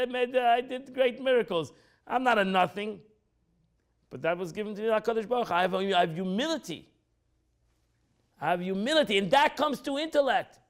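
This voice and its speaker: A male rabbi leads a relaxed class, his voice sitting unusually high and swinging widely in pitch. He talks with a sound, repeats phrases and acts out quotes with lots of energy. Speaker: rabbi teaching a weekly class. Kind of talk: informal Torah class lecture.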